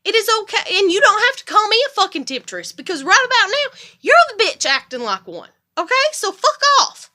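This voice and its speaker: A woman's voice: very high-pitched, sing-song, a little fast, few pauses, pushed and bright. A woman vlogger in a heated monologue to the camera, confrontational, swearing heavily and raising her voice as she talks.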